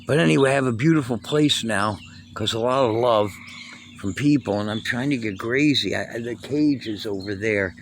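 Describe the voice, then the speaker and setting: A man in his sixties, talking in a halting, emotional, rambling way with many restarts and blunt swearing. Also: mid-range voice, a little hiss or hum. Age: 60s. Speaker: vlogger. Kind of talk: rambling personal vlog.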